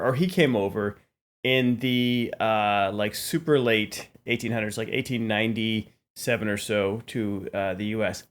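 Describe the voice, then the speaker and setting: A man co-hosting a comedy podcast, telling a story in a rambling way full of fillers. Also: mid-range voice. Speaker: podcast co-host. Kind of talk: casual comedic chat.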